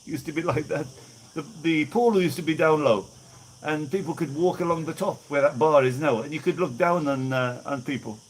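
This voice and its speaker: A man's voice: on the high side, normal speed, slight background noise, rough recording. Chatty English man outdoors with insects. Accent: mixed Birmingham English with a little Maltese influence. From England (Birmingham area). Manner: rambling, chatty, greets viewers by name. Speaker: live-stream host. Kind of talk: casual live-stream chat reading viewer comments. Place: outdoors on a breezy day. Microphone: no clip-on mic, camera mic.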